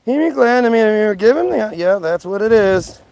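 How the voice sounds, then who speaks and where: A man with a high, raised voice delivers an agitated livestream rant. He speaks in quick bursts, mocking and confrontational as he answers comments from his chat. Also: expressive, gravelly, darkish tone, a little hiss or hum. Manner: combative and mocking. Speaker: live streamer.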